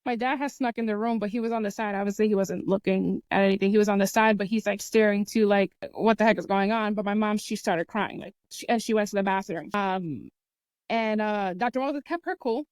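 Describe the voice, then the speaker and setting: A woman's voice: mid-range voice, a little fast, no echo. A young woman hosting a podcast, earnestly retelling a personal story in casual talk and acting out what people said. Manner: earnest, lively retelling with acted-out quotes and sound imitations. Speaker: podcast host.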